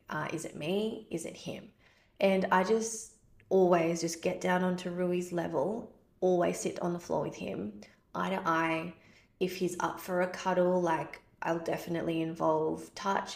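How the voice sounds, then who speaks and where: Aussie woman host, 30s, casual advice talk, low-ish fried voice, roomy sound. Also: creaky, a little mellow. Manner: chatty, many "like" fillers, acts out parent-child exchanges. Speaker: podcast host answering a listener question.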